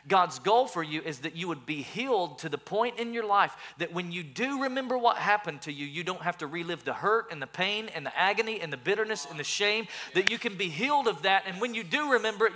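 A man's voice: sits high, sharp tone. A male pastor preaching a sermon earnestly, often repeating words as he builds his points.

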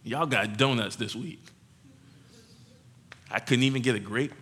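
A man voicing a resentful older brother who complains loudly and indignantly. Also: medium pitch, unhurried, husky.

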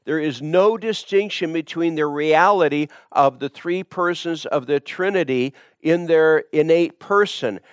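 A man preaching a sermon, emphatic and repetitive, building his points through deliberate repetition. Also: on the high side, no room sound, studio quality.

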